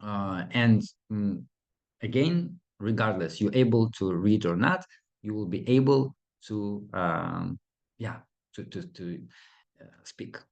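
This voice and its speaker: Slow gravelly-voiced male teacher. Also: lowish voice, a little mellow, dull audio. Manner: slow, hesitant, many fillers, playful asides. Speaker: language teacher. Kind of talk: casual video lesson.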